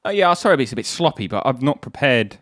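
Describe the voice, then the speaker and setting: A man's voice: mid-range voice, sing-song, fast, fairly bright tone, dry recording, clean studio sound. A man in his twenties co-hosting a podcast, rambling playfully in casual chat. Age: 20s. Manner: playful, rambling, silly riffs. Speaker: podcast co-host.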